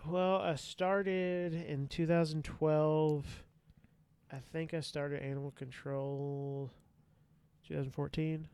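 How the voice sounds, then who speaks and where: A man's voice: a little high, takes it slowly, clear, resonant tone, no echo. A man casually telling stories on a podcast, profane and laughing as he acts out past encounters. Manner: profane, laughing, animated retelling. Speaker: podcast guest. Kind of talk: casual storytelling.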